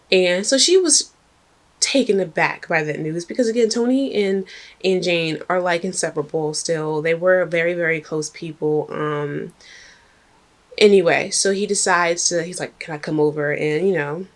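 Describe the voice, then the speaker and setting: Chatty woman telling a story. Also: lowish voice. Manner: chatty, animated, addresses viewers directly. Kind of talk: casual storytime vlog.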